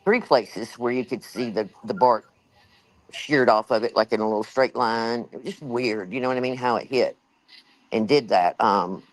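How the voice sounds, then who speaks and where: A woman's voice: a bass voice, normal speed, no room sound, poor audio. An older woman hosts a livestream, telling a rambling, chatty story with lots of fillers, a little out of breath. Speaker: livestream host. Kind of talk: casual storytelling to a live chat.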